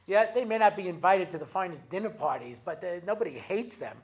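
An American rabbi giving a humorous talk, telling anecdotes in a chatty way with many asides and fillers, at times slipping into Hebrew. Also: male voice, sits high, expressive, a little fast. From United States. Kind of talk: humorous lecture with acted-out anecdotes. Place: talk given to an audience.

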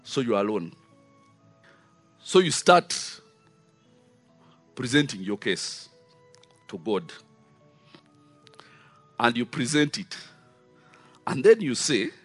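A man's voice: mid-range voice, slow pace, pauses often, dry recording, soft background music. A man preaching a sermon, emphatic and full of rhetorical questions. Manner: animated, rising and falling emphasis with rhetorical questions.

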